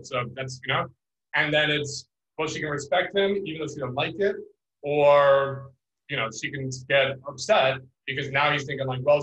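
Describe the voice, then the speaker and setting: A man's voice: on the high side, a bit bright. A man hosting a casual chat, rephrasing ideas and acting out little scenes. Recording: dull lo-fi sound.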